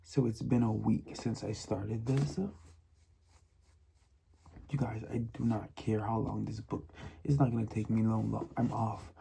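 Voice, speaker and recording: A man's voice: lowish voice, level tone, unhurried, gravelly, long pauses, mellow, slight background noise. A man chatting casually in a reading vlog, emphatic and repetitive, often laughing and sometimes dropping to a whisper. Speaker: book vlogger.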